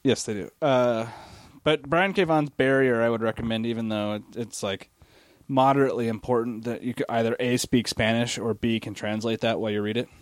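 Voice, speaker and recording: A man in a casual podcast chat, teasing and wry, pausing on fillers. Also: mid-range voice, fairly even intonation, no room sound.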